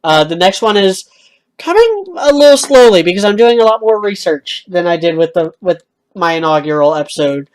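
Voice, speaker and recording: A man's voice: high-pitched, animated, normal speed, clean tone. A man hosting a casual fan podcast, talking with lots of hesitant fillers. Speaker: podcast host.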